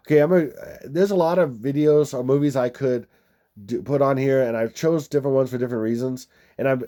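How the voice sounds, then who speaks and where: A video host with a mellow, mid-range voice rambles through number-code commentary over movie clips. His delivery meanders, repeats itself, and restarts often.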